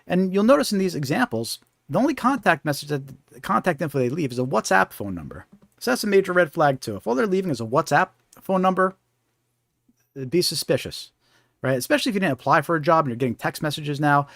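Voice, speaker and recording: A man hosting a live scam awareness stream, with a slightly high voice. He talks conversationally and keeps checking in with the listener. The sound is dry and close. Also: very animated, quick pace, gravelly, a bit bright, no room sound. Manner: conversational, keeps asking "right?". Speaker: host.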